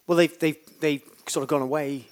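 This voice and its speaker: A man's voice: a little high, steady tone, moderate pace. A man co-hosting a comedy podcast, rambling and hesitant, sometimes slipping into a mock announcer voice. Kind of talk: improvised comic banter.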